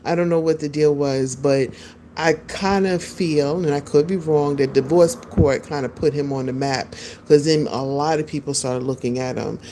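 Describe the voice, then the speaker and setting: A woman with a low, mellow voice chats casually on a live stream and rambles from one point to the next while answering viewers. She talks into a phone, and a faint hiss sits under her voice. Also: moderate pace. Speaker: podcast host.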